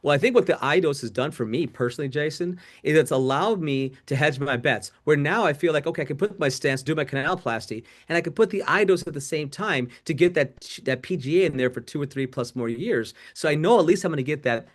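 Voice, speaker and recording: A middle-aged man, an eye surgeon, talking quickly and with energy on a webinar panel, with frequent restarts. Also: a little high. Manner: fast, animated, quick restarts. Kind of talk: webinar talk.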